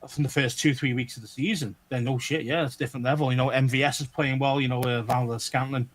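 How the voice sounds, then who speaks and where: A man with a Liverpool accent, co-hosting a casual sports podcast; blunt and emphatic, he swears freely and stumbles over quick restarts. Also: mid-range voice, steady tone. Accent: Liverpool (Scouse). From Liverpool area, England. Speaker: podcast co-host.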